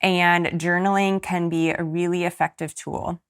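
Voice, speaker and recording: A woman's voice: on the low side, level tone, a little slow, clear, resonant tone. A woman in her thirties hosting a solo podcast, talking in an earnest, encouraging way that turns teary at times. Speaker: podcast host and coach. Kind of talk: casual solo podcast talk.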